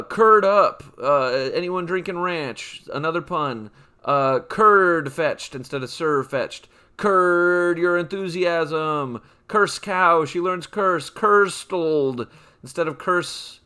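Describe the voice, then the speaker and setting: A young man with a fairly high, bright and crisp voice reads out a long string of punny names. He drags each name out, then rambles through quick offhand jokes about it. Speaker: comedy channel host. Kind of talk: comedic list-reading of nicknames.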